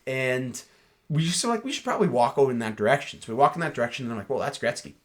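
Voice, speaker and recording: A young man co-hosting a podcast, telling a story in an animated way full of fillers. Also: mid-range voice, racing. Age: young adult. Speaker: podcast co-host. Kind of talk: casual chat.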